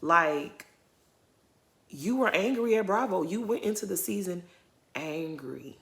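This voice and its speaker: A woman giving opinionated, animated commentary as she recaps a reality TV episode for her viewers. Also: on the low side, slow, vocal fry. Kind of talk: casual commentary vlog.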